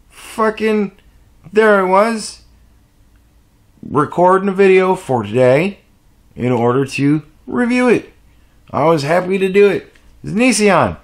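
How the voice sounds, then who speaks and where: A man's voice: high voice, animated, slow pace, long pauses. A man telling a rambling, profane story in a casual vlog rant. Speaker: vlogger.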